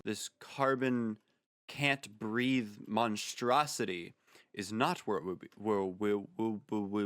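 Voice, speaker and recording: A man talks through his gameplay in a slow, unhurried way, with a lowish voice. He rambles and tosses out playful jokes as he goes. The sound is dry and close, with no room echo. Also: a bit bright. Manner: jokey and rambling, with playful asides. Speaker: Minecraft video creator. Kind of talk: casual gameplay commentary.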